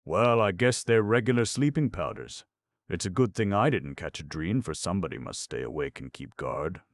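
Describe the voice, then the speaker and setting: A man voicing a big timid storybook lion who talks slowly and mildly, gravelly at the bottom of a very low voice. He muses more than he roars, and the sound is close and dry. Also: expressive, no room sound. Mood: musing. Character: timid big male lion, gentle and fussy.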